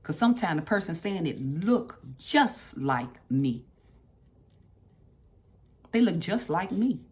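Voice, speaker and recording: A woman's voice: lowish voice, big pitch swings, slow, a little mellow. A woman leading a casual book club discussion, talking conversationally, repeating phrases for emphasis and asking her listeners directly. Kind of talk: casual book discussion with read-aloud passages.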